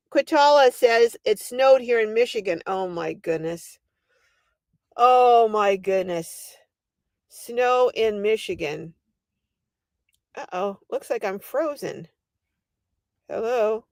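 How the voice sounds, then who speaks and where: An older woman chats on a livestream, her fairly high voice bouncing through an animated, laugh-filled story. The sound is close and dry, with no room around her. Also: slow, pauses often, dry recording. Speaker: livestream host. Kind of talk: casual livestream chat.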